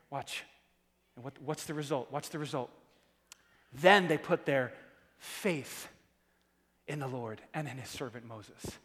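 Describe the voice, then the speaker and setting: A man preaching a sermon in a church, animated, repeating words and calling out to the congregation. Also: high-pitched. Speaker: pastor. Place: church hall. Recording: long hall reverb.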